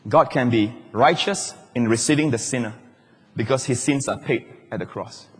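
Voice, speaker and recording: A male pastor preaching a sermon in a large church hall, emphatic and shouting at the high points, with wide swings in pitch. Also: moderate pace, husky. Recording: long church-hall reverb.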